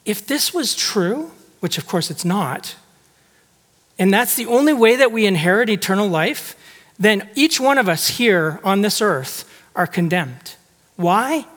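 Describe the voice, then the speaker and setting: A man with a high voice delivers a sermon, talking to his congregation in a conversational way and often asking them rhetorical questions. His voice rings out with a long hall reverb around it, as if he were in a large church. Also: expressive, measured pace, fairly bright tone. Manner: acts out quoted speech with shifting tone. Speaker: preacher.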